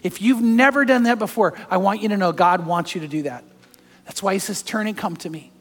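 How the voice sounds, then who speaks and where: A pastor preaching a sermon to a congregation, his voice going from loud storytelling down to soft, hushed appeals. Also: sits high, a little fast. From California. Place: large church hall. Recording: long hall reverb.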